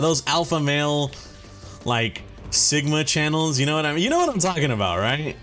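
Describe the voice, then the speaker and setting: This let's play host's voice is a little high and a bit bright, moving briskly with big swings in pitch. He rambles, curses offhandedly and uses lots of filler, putting on a mock-serious swagger laced with jokes. Quiet game music sits in the background.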